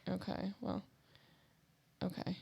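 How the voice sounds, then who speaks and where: A woman's voice: slow pace, warm tone. A woman with a Midwestern accent, co-hosting a podcast in casual, joking chat. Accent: Midwestern American. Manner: joking, chatty, trailing off. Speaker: podcast co-host.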